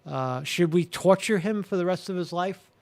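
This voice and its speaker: Rambling man hosting a live commentary show. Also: high voice. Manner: rambling, halting, many fillers and restarts, crude language. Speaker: show host. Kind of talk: casual live-stream commentary.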